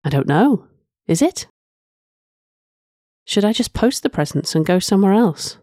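A woman reads a first-person story aloud in a soft, reflective way, often sighing between lines. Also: mid-range voice, very animated, unhurried, dry recording, studio quality. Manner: soft, reflective, with frequent sighs. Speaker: narrator.

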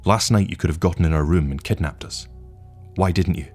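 A man voicing a young husband on the run, speaking in an earnest, quiet and resolute way. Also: low-pitched, a little fast, soft background music, close to an everyday voice. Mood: tense.

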